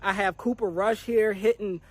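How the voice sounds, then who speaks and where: A man reporting a practice recap in a conversational, steady play-by-play manner. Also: sits high, moderate pace. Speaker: training camp reporter.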